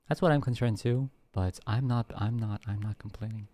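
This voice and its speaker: A man's voice: on the low side, fairly even intonation, normal speed, dry recording. A man streaming casually to his viewers with a sore throat, rambling with many restarts. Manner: rambling, restarts, soft laughs.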